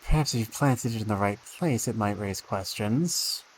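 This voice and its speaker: Low-voiced man musing over a game. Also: moderate pace, a little hiss or hum, rough recording. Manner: musing, thinking aloud, dry asides. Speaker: game streamer. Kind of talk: game stream commentary.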